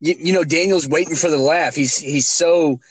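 Husky man, lively pitch, teasing chat, close dry sound. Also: normal speed, dry recording. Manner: wry, teasing storyteller. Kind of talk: casual chat.

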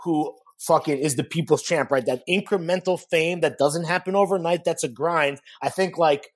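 Man, husky voice, slightly high, joking banter, podcast host. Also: moderate pace. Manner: joking, bro-ish banter. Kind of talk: casual chat.

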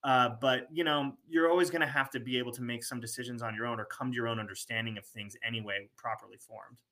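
A man's voice: medium pitch, fairly even intonation, quick pace, sharp tone. A man co-hosting a conversational podcast, talking earnestly and thoughtfully, with frequent restarts. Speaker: podcast co-host. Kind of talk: casual conversation.

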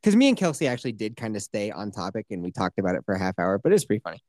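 Podcast host, male, lively pitch, swears freely, dry studio sound. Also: rapid-fire, dry recording. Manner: animated, swearing storyteller. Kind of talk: casual chat, TV recap.

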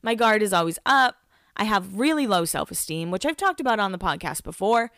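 A young woman in her twenties hosts a podcast and tells a personal story in a loose, confessional chat. Her voice is smooth and clear, with a dry, close sound and no room echo. She swears freely and laughs at herself as she goes. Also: medium pitch, lively intonation, a little fast, a bit bright. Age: 20s. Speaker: podcast host. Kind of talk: casual storytelling monologue.

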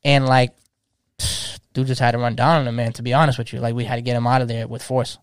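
A man's voice: medium pitch, level tone, fast talker, clear, resonant tone, dry recording, studio quality. A man in his thirties, a DJ, talking passionately in casual slang and restarting his sentences often. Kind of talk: casual podcast chat.

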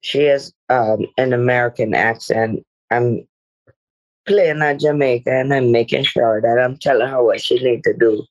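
A woman's voice: extremely low pitch, fairly even intonation, measured pace, a little mellow, rough recording. A middle-aged woman, a guest actress, speaking reflectively in a podcast interview with meandering "you know" asides.

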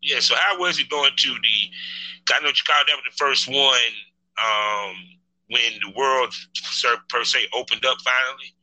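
A man hosting a casual interview in a loose, excitable way, often repeating himself. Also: medium pitch, moderate pace, rough recording. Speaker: podcast host.

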